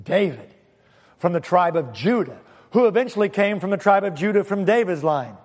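Casting: male pastor, scratchy throat, high voice, emphatic sermon delivery, long church-hall reverb. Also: normal speed. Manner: animated, emphatic preaching with sudden loud exclamations.

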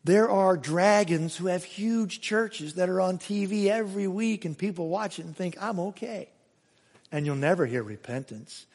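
A male pastor preaching a sermon, emphatic, swinging between raised exclamations and hushed asides. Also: high-pitched, normal speed, in a large hall. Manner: emphatic preaching with sudden rises and hushed drops.

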